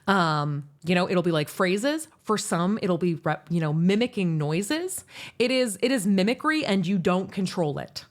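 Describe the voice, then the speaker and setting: A young American woman hosting a livestream, chatting casually and answering chat in a rambling, animated way with laughs. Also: on the low side, unhurried. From United States. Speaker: VTuber streamer.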